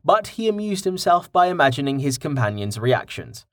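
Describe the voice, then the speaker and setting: Casting: animated male storyteller, mid pitch, dry close studio mic. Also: moderate pace, dry recording. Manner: expressive storytelling. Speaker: audiobook narrator. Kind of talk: scripted fantasy narration.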